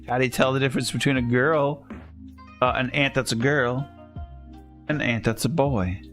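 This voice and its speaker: A man's voice: mid-range voice, steady tone, moderate pace, a bit bright. A male livestreamer rambles through dad jokes with self-amused asides, his voice sitting in a middle range. Faint music plays beneath his talk. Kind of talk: casual chat while gaming.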